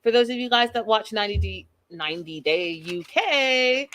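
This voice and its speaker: A woman's voice: medium pitch, moderate pace. A young adult woman hosting a show, recapping a reality episode in casual, opinionated talk and acting out quotes. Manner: animated, opinionated, acts out quotes.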